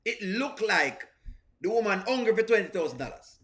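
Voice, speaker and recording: A man's voice: sits high, lively intonation, moderate pace, a bit bright. A man with a strong accent hosting a live reaction stream, commenting animatedly on skits, repeating points and greeting his chat. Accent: strong non-standard English accent. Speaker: reaction channel host.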